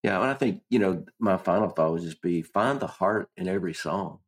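A man speaks in a calm, earnest way as he shares his closing advice on songwriting. His voice is very low and has a husky grain to it. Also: fairly quick. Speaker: podcast co-host. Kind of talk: casual reflective advice.

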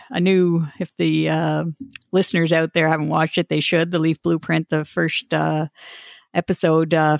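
Gravelly-voiced woman chatting about sports. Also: on the low side, no room sound, clean studio sound. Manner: chatty, laughs often, many restarts. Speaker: podcast co-host. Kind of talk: casual sports chat.

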